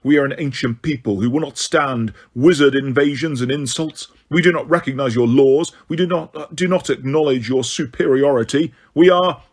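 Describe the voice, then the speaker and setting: A man's voice: mid-range voice, normal speed, few pauses, lightly acted. A man voicing a proud, stern male centaur from an ancient people, speaking in a haughty, declamatory way in an audiobook. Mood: defiant.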